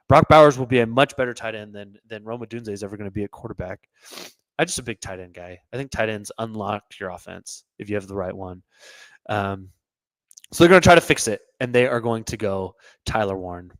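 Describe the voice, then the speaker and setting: A man's voice: medium pitch, a bit bright, dry recording. Fired-up man ranting on sports picks. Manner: opinionated, rants, repeats himself. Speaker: sports show host. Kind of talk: solo sports commentary.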